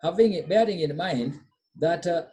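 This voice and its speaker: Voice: medium pitch, moderate pace, warm tone, husky. A teacher giving a French pronunciation lesson, drilling students and answering their own questions with "what?".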